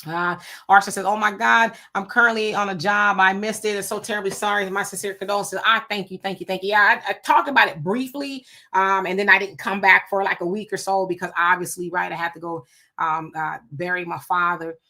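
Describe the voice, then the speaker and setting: A woman hosting a casual livestream, reading out viewer comments and telling animated stories. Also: medium pitch, a little fast. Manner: animated storytelling with frequent laughs. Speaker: livestream host.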